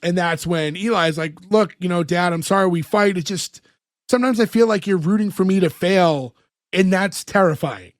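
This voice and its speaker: High-voiced man recapping a sitcom. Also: dry recording, studio quality. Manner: recounts scenes with quick acted-out quotes. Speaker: podcast co-host. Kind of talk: casual chat recapping a sitcom episode.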